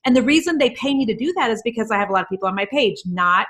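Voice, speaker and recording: A woman entrepreneur, interviewed as a guest over a video call, talks emphatically and rapid-fire in casual chat, piling up example after example. Her voice is fairly high, a bit bright, with lively intonation.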